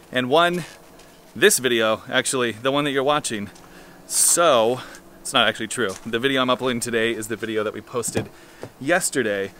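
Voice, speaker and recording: A man's voice: mid-range voice, bright, forceful tone, slight background noise. A man in his thirties vlogging casually to a handheld camera from his car, rambling and joking. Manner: rambling, playful, jokey.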